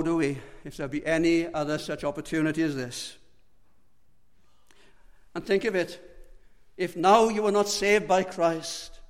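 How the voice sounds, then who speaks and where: A man preaching a sermon, pleading with passion, swinging between loud and hushed. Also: on the high side, in a large hall.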